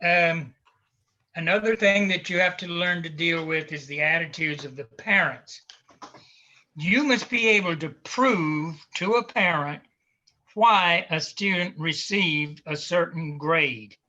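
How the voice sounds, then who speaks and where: Man, South Carolina Southern accent, lecture, very slow pace, bright tone. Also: a little high, muffled recording. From South Carolina, United States. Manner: slow, deliberate, advisory, with fillers. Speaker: conference speaker. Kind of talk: lecture to visiting teachers.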